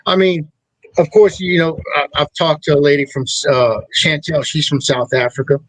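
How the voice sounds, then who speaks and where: A man's voice: a little high, steady tone, moderate pace, no room sound, poor audio. Chatty man hosting. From Southern United States. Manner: chatty, talks over guests. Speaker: host. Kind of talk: casual chat.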